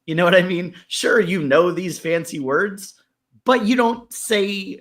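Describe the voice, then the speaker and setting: A man's voice: high voice, animated, moderate pace, fairly bright tone. A man giving blunt, swearing feedback on a rap verse in casual review chat. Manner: blunt, swears, laughs while critiquing. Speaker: music critique panelist.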